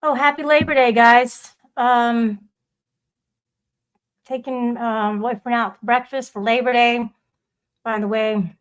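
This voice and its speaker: A woman's voice: on the high side, fairly even intonation, takes it slowly, long pauses, clear, resonant tone. A woman hosting a casual livestream, rambling and swearing as she talks back to her viewers' chat. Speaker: livestream host.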